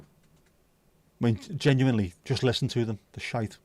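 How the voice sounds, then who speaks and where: A man's voice: mid-range voice, steady tone, a little slow, darkish tone, dry recording. A man hosting a casual livestream, chatting loosely, reading out viewer comments and joking around with plenty of swearing. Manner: rambling, jokey, swears freely. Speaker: livestream host.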